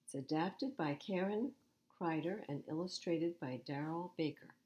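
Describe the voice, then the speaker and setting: A woman's voice: deep voice, measured pace, a little mellow, highs cut off. A woman reading picture books aloud to children at storytime, expressively and with asides to the listeners. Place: public library.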